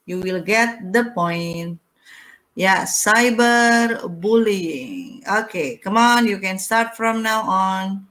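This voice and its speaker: A woman's voice: medium pitch, slow pace, a bit bright. A woman with an Indonesian accent teaching an online English class, coaxing her students to answer. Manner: coaxing, encouraging. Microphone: video call.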